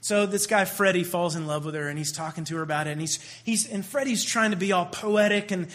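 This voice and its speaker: A man preaching a sermon in a loose, conversational way, lively and animated as he talks. His voice sits high for a man and has a bright, forward tone. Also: brisk. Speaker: pastor.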